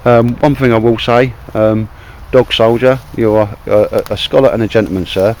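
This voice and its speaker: Poor audio captures a Cockney outdoor vlogger rambling casually to camera in a wet wood, chummy and forever calling his mate "mate." His mid-range voice holds a steady tone and is a little mellow, moving at a normal speed.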